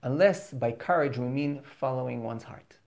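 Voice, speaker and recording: A man's voice: mid-range voice, normal speed, vocal fry, darkish tone. A man giving an earnest motivational spiritual talk as a teacher, repeating words for emphasis.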